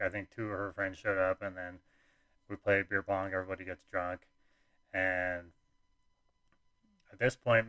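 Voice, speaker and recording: A man's voice: on the low side, a bit bright, dry recording. A young man casually telling a personal story, rambling with lots of fillers and restarts.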